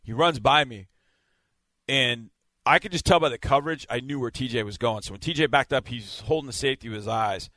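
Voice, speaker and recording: A man, a sideline reporter, telling a game story in a casual, animated way on a sports podcast. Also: medium pitch, fairly quick, no echo. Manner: animated, vivid play-by-play retelling.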